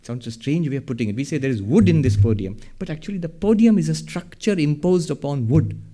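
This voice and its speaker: A man with a fairly high voice lectures from a podium. He builds each point slowly and keeps putting questions to the listeners, then answers them himself. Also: animated, warm tone. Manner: explanatory, asks the audience rhetorical questions. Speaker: lecturer on Vedanta. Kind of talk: public lecture. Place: hall with a podium. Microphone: speaking at a podium.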